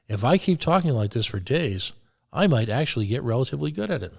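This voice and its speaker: A man hosting live talk radio, sarcastic and halting, often stumbling over and repeating his words. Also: medium pitch, very animated, vocal fry, darkish tone.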